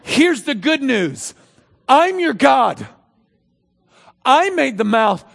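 A man voicing God as a blunt, commanding male figure, speaking loudly and emphatically. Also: big pitch swings, slow, vocal fry, exaggerated voice. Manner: loud, emphatic, high-pitched delivery. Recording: long reverb of a large hall.

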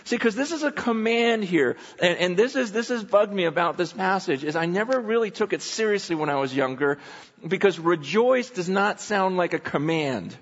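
High-voiced preacher in an echoing hall. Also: male voice, moderate pace. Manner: conversational, animated, acts out quoted voices. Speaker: pastor. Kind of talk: sermon. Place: church sanctuary. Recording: muffled hall recording with long reverb.

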